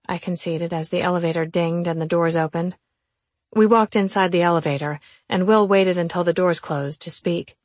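A woman narrating a first-person novel as an audiobook, in an even, measured reading. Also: on the low side, dry recording.

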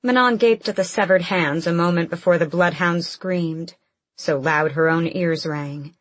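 A woman narrating a fantasy audiobook in a measured, steady storytelling manner. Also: on the low side.

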